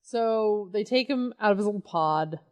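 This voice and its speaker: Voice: mid-range voice, moderate pace, smooth. A co-host recaps a plot in an easygoing, rambling way, swearing casually along the way. The voice sits in the middle range, and the talk stays conversational. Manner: laid-back, rambling, profane plot recap. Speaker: podcast co-host. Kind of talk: casual chat.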